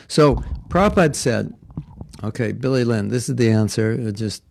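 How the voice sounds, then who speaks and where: A man's voice: medium pitch, lively intonation, normal speed, creaky, a little mellow, slight background noise. A man giving a devotional class in an earnest, conversational way, sounding a little congested and often slipping into quoted voices. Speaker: spiritual teacher. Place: Alachua, Florida.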